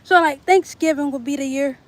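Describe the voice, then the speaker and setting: Chatty young woman, high voice. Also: a little fast, poor audio. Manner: rambling, chatty, talks to viewers. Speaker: livestreamer. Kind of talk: casual livestream chat. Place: outdoors in bright sun.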